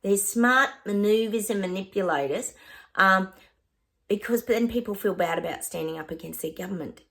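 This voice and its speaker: A woman's voice: medium pitch, moderate pace, vocal fry, a bit bright. A woman with an Australian accent, a psychic chatting casually to camera in a rambling way, often stopping to laugh.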